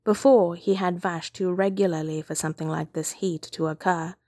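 A woman reading fiction aloud as narrator, with calm, steady storytelling. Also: lowish voice, normal speed, no echo.

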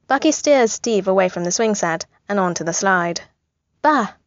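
A woman reading a story aloud in an even, gently amused voice, at a middling pitch. The recording is slightly dull and bone dry. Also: moderate pace, dry recording. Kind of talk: reading fan fiction aloud.

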